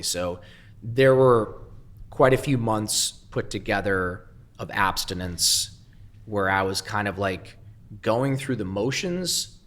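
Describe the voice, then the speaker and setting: A man's voice: deep voice, a bit bright. A man telling his life story as an interview guest, blunt and heavily profane with emphatic swings. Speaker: guest, entrepreneur.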